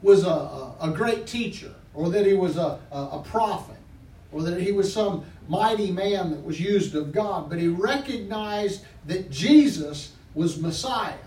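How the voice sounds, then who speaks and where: A man's voice: sits high, animated, a little slow, darkish tone. A man preaching as pastor, praying and telling a story fervently, often repeating praise words and restarting phrases. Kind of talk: sermon with spoken prayer. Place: church sanctuary. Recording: echoey room, far from mic, faint background noise.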